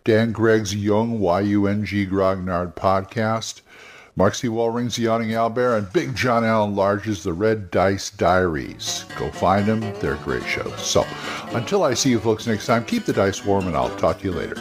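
A man's voice: lowish voice, unhurried, soft background music. An older man hosting a solo podcast, giving casual, rambling advice and often restarting his sentences. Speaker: podcast host.

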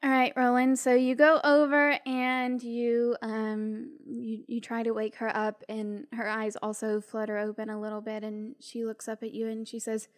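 A woman running a tabletop role-playing game as game master, narrating in a casual, halting way with frequent restarts. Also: fairly high pitch, monotone.

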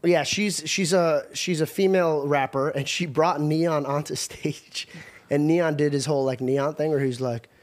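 This podcast host is a man with a voice on the high side who talks at a moderate pace. He's an animated storyteller, sharing stories in casual chat and laughing often.

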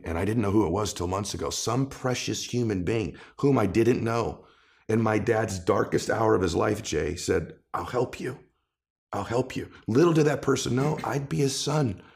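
Man, podcast guest, author, fairly low voice, emphatic motivational storytelling. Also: normal speed, vocal fry, a little mellow. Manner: emphatic, builds to passionate peaks.

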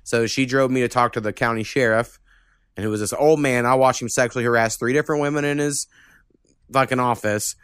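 A man's voice: medium pitch, fairly even intonation, a little fast, a bit bright, smooth, no echo, studio quality. A young man hosting a podcast, telling rambling stories in casual chat, swearing a lot and laughing as he goes. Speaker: podcast host.

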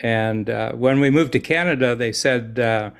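An American man in his own voice, a podcast guest, talking at an ordinary pitch. He wanders through anecdotes, restarts his sentences and chuckles often, in loose conversation. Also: moderate pace, clear, resonant tone. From United States. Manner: rambling storyteller, laughs often, restarts.

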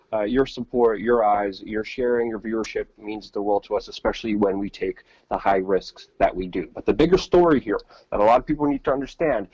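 A man's voice: medium pitch, creaky, warm tone, slightly rough, no echo, highs cut off. A man co-hosting a podcast, chatting casually over a remote call with rambling, repeated words and many fillers. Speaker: podcast co-host reporting from the field. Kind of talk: casual live-stream chat.

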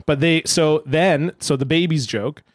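Wry man in his thirties, slightly high voice. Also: unhurried, no echo, clean studio sound. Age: 30s. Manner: wry, self-mocking, acts out quoted people. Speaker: stand-up comedian. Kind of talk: casual chat, telling stand-up jokes.

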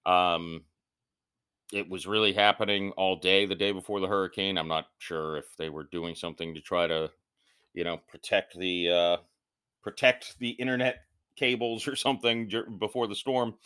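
A man's voice: low-pitched, steady tone, moderate pace, sharp tone, clear, resonant tone. A man hosting a podcast, talking through a casual solo intro in a rambling, loose and self-deprecating way. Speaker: podcast host.

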